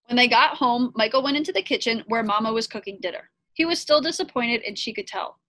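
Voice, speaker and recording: Woman teacher, slightly high voice, friendly expressive read-aloud for kids. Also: a little fast, no room sound. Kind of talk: reading a picture book aloud.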